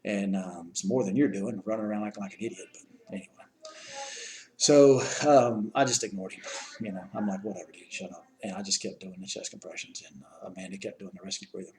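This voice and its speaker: Over poor audio, a man with a fairly low, slightly mellow voice speaks fairly quickly as he tells someone how he helped rescue them. Earnest and plain-spoken, he keeps breaking off, starting over, and repeating himself.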